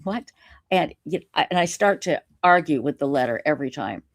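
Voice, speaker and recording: A woman live streamer telling a story in casual interview chat, animated and self-mocking, laughing often. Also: low voice, moderate pace, dry recording, studio quality. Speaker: YouTube live streamer reading a letter.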